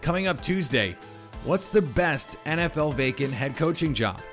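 A man hosting a sports podcast, reading headlines in a steady, plain delivery. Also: a little high, normal speed, faint music behind. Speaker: podcast host.

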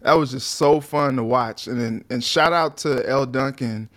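A man co-hosting a casual sports talk show, lively and acting out what players and fans might say. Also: mid-range voice, moderate pace. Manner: animated, acts out quotes of players and fans. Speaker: co-host.

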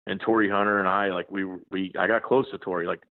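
A man in his forties with a very low, deep voice talks casually as a journalist guest. He rambles, restarting sentences and filling gaps with ums. The sound is dry and thin, like a phone call. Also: fairly even intonation, quick pace, no room sound. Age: 40s. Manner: rambling, many restarts and fillers. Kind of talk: casual interview chat. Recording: tinny phone line, dry.

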